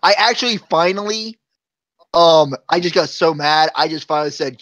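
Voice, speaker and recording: A man's voice: fairly high pitch, moderate pace, a bit bright, dry recording. A man chatting casually on a live show, telling long rambling stories and chuckling often.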